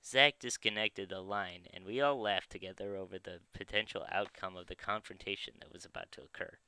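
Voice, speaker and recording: A man's voice: sits low, pushed and bright, clear, resonant tone, no room sound, poor audio. A man narrating a first-person story in an amused tone, with occasional slips and chuckles.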